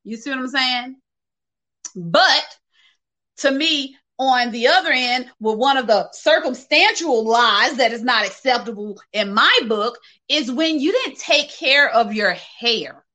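Bright-voiced chatty woman livestreamer. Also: high-pitched, animated, unhurried, low-quality recording. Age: adult, working age. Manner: chatty, candid, laughs often, speaks to viewers directly. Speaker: livestream host reading viewer comments. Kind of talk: casual livestream chat.

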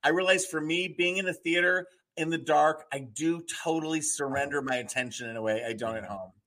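A man's voice: on the high side, fairly quick, sharp tone. A man talking as a guest in a casual chat, earnest and reflective.

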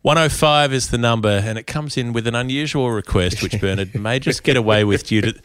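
A man's voice: medium pitch, brisk, fairly bright tone, clean tone, no room sound, clean studio sound. A man co-hosting a podcast, easygoing, reading out listener messages in casual chat. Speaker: podcast co-host.

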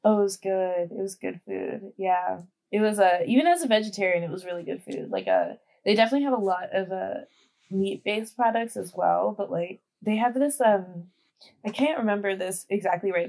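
A woman's voice: medium pitch, creaky, darkish tone. Chatty young woman, lots of fillers. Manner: chatty, many fillers and giggles. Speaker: podcast guest. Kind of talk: casual chat.

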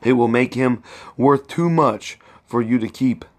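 A desperate young husband, mournful and resolute in his earnest speech, as read by a male narrator. The delivery is slow and heavy, in a medium-pitched voice. It is a storybook reading. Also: lightly acted. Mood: bitter.

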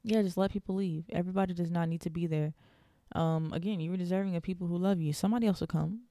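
Young woman host, warm earnest encouragement, dry close mic. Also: on the low side, steady tone, fast talker, no room sound. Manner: earnest, encouraging, faith-filled. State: out of breath. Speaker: podcast host. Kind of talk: solo podcast monologue.

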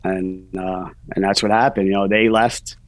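A man's voice: low-pitched, flat delivery, moderate pace, dry recording, low-quality recording. A man in his forties, a guest author, telling a personal story in a casual, rambling way, full of "you know" fillers.

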